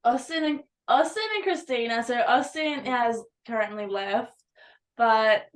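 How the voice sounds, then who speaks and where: A woman's voice: fairly high pitch, a little slow. A young woman, a college basketball player, chatting and giggling over a video call with lots of "like". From Australia. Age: young adult. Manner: giggly, chatty, uses "like" a lot. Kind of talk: casual interview chat.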